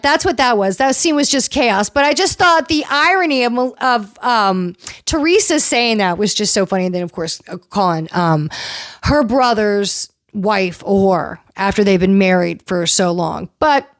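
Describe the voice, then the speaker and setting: A woman hosting a casual recap show, chatty and animated, acting out quotes from the people she talks about. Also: medium pitch, no room sound, studio quality. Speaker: podcast host recapping reality TV.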